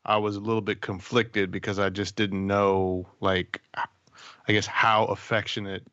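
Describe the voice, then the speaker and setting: A man's voice: on the low side, level tone, unhurried, pushed and bright, dry recording, lo-fi sound. A man co-hosting a podcast, talking in an easygoing way with hesitant fillers. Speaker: podcast co-host. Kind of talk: casual podcast chat.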